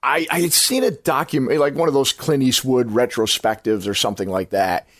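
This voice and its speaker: A man hosts a casual movie podcast, talking in an enthusiastic, rambling way. He circles back on his points and corrects himself as he goes. His voice sits at an ordinary middle pitch and sounds dry and close, with no room echo. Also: fairly quick. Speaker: podcast host. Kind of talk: casual film-review chat.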